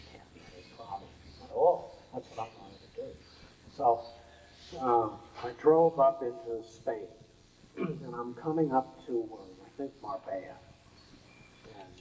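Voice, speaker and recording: A man tells a long anecdote in an oral history interview. His voice is mellow, and he rambles, pausing on fillers and chuckling as he goes. A faint hiss sits under the recording. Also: medium pitch, low-quality recording. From United States.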